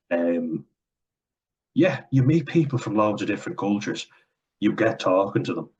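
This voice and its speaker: Irish male vlogger, deep and husky, blunt sardonic ranter who swears freely. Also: dull audio. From Ireland. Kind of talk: casual opinion rant.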